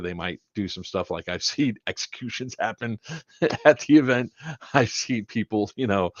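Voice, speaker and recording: A man's voice: deep voice, no echo. A man organizing an event, briefing players on the rules in a casual, rambling and blunt way, with some swearing. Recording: dull lo-fi dry sound.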